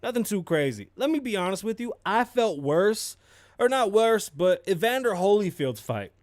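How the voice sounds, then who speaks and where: A young man hosts a casual podcast, ranting in an animated, profane way about sports news. His voice sits on the high side and sounds dry and close, with no room in it. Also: moderate pace, no echo. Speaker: podcast host. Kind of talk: casual commentary.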